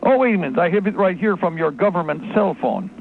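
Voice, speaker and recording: A cold, condescending bureaucrat with a mock-Soviet air, as a man puts him on, spelling out each formal phrase slowly and smugly. The sound is thin and phone-like, with faint hiss underneath. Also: high voice, lively intonation, vocal fry. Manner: slow, condescending, clipped formal speech. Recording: tinny phone-line audio, faint noise.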